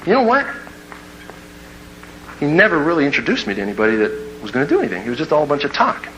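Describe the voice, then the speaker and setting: A man from Kansas delivers a motivational talk as a story, rattling along at a brisk clip. His voice sits a little high and rings bright and forceful. He acts out the scenes, trading in sound effects and little quoted voices. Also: wildly swooping pitch, a little hiss or hum, low-quality recording. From Kansas, USA. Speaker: motivational speaker. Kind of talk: storytelling speech to a live audience.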